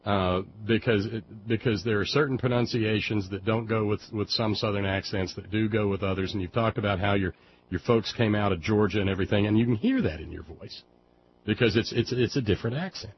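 A man with a fairly low voice hosts a radio call-in, talking loosely and stumbling over his words as he goes. The broadcast sound is dull and muffled, and a faint hiss sits underneath. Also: a little fast. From Alabama. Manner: rambling, stammering restarts. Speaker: radio talk show host. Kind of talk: casual radio chat with a caller.

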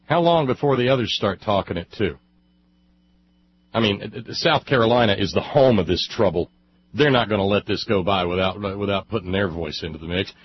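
A man's voice: on the low side, a little fast, dull audio, a little hiss or hum. A male radio talk host giving angry, sarcastic political commentary, rambling with restarts.

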